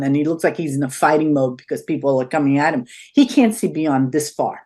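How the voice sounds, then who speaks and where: An older woman with a low voice talks fairly quickly and barely pauses as an interview guest. She tells stories conversationally and animatedly, performing what people said.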